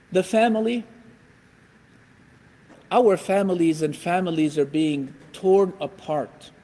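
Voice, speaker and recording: A man giving a religious lecture in an animated way, acting out everyday scenes. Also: a little high. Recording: echoey hall.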